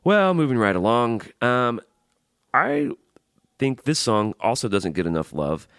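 A man's voice: mid-range voice, very animated, normal speed, clear, resonant tone, no echo, clean studio sound. A man hosting a podcast, giving enthusiastic, chatty commentary on songs with self-deprecating asides. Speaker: podcast host. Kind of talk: casual radio-style music commentary.

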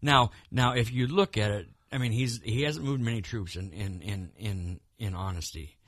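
At a moderate pace, a man with a lowish, a bit bright voice co-hosts a podcast of casual political talk. He rambles about the news with plenty of restarts and repeated words, in clean studio sound without room sound.

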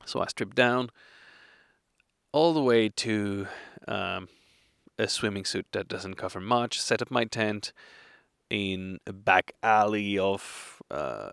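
Tipsy hiker man with a gravelly voice. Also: fairly low pitch, fairly bright tone, no echo, clean studio sound. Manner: hesitant, rambling, laughs often. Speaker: solo hiker vlogger. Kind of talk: casual storytelling to camera. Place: campsite outdoors.

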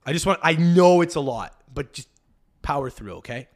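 A man's voice: fairly high pitch, animated, normal speed. A man hosting a podcast, riffing in casual commentary on video clips with a profane, mocking manner. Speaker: podcast host.

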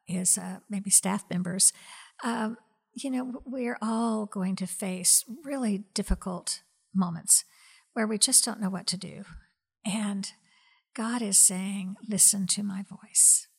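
A woman who directs a ministry, giving an earnest faith testimony in an interview, slow and hesitant with many fillers and soft, breathy stretches. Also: on the low side.

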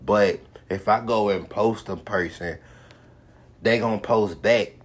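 A man's voice: on the low side, takes it slowly. A man hosting his own podcast, giving a profane, repetitive motivational monologue with heavy swearing. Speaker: podcast host.

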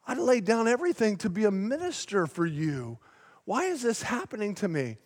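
A male pastor preaching a sermon in a church, emphatic and slowing down to stretch out key words. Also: high-pitched, sing-song. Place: church sanctuary. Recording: long hall reverb in a large sanctuary.

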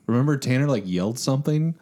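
Podcast co-host asking quick questions. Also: male voice, mid-range voice, animated, mellow. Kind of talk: casual podcast chat.

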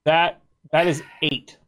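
A man's voice: a little high, fairly bright tone. A young man with an American accent, chatting casually over online voice chat, teasing and swearing freely.

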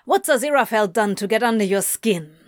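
A woman's voice: medium pitch, measured pace, dry recording, clean studio sound, close to an everyday voice. A woman voicing a sullen, hot-tempered man who growls and snaps. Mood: snarling. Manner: growling, snappish.

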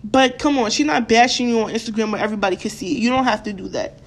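A young female vlogger rants her opinions to camera, talking straight to her viewers in a blunt, profane, fired-up way and often repeating words for emphasis. Her voice is fairly high and fast, with slight background noise.

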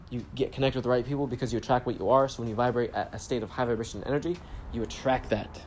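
A man's voice: medium pitch, darkish tone, slight background noise. A young man telling a casual story in a self-help vlog, laid-back, swearing freely and using spiritual catchphrases. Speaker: vlogger. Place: grocery store trip, talking on the go.

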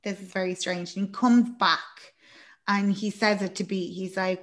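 A woman's voice: medium pitch, steady tone, measured pace. A woman hosting a podcast, retelling a film plot in casual, sweary chat and acting out the characters' lines. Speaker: podcast host.

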